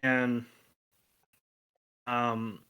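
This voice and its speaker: A man co-hosting a podcast, retelling a cartoon episode in a relaxed way with joking, mildly profane asides. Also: medium pitch, extremely slow, clear, resonant tone, lo-fi sound. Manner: laid-back, joking asides with mild swearing. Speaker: podcast co-host. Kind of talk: casual episode recap chat.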